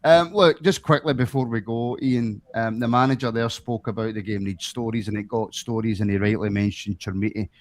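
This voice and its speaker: A man's voice: on the low side, steady tone, a little fast, hardly any pauses. A man hosting a football podcast, chatty and jokey, often repeating words. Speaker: podcast host. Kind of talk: casual podcast chat.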